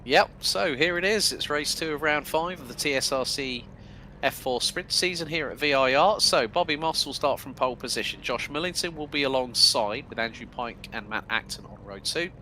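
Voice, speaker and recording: A male sim racing commentator with a bright, forceful voice. He calls the race in quick, excitable bursts with casual fillers. A faint hiss sits under the recording. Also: medium pitch. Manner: fast, excitable play-by-play with fillers.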